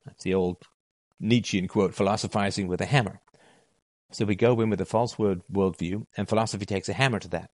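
A man's voice: fairly low pitch, fairly even intonation, brisk, no echo, clean studio sound. A middle-aged man holding forth in a monologue on philosophy, emphatic and repeating his key phrases. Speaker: philosophy talk host. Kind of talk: monologue to listeners.

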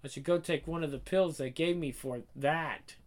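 A man's voice: on the high side, normal speed, close to an everyday voice. An anxious, flustered mother mutters her worries to herself in a slightly lifted voice, as a man puts her on. The talk is fretful and jumpy, in an audio story. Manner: frantic inner monologue, fretful.

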